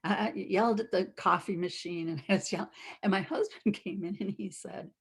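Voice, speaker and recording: A woman in her forties telling personal stories and teaching in a chatty, animated way, laughing often. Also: mid-range voice, normal speed, husky. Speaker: emotional wellness teacher. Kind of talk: casual personal storytelling and teaching.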